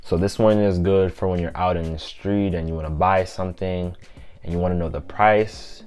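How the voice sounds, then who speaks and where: A man giving a casual vlog language lesson, repeating words slowly for pronunciation in a chatty, loose way. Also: low voice, fairly even intonation, a little mellow, faint music behind. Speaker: language teacher vlogger.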